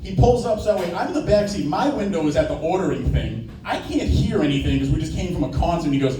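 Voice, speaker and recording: A man's voice: fairly high pitch, expressive, quick pace, recorded from a distance, crowd noise. Young man doing profane stand-up in an echoey room. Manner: casual, profane storytelling with brief put-on voices. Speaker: stand-up comedian. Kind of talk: stand-up set. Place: small open-mic room. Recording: echoey room from off-mic, faint noise.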